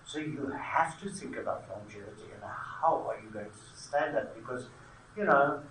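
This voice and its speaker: A man's voice: medium pitch, normal speed, a bit bright. A South African theatre man talking thoughtfully in an interview, often restarting his phrases. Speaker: theatre maker. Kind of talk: conversational interview. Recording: echoey room, mic at a distance.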